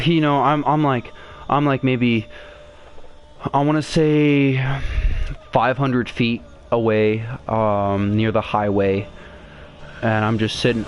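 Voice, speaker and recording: Rambling, profane young man, lowish voice. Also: lo-fi sound, a little hiss or hum. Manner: rambling, profane, with many restarts and fillers. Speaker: podcast host. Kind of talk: casual storytelling.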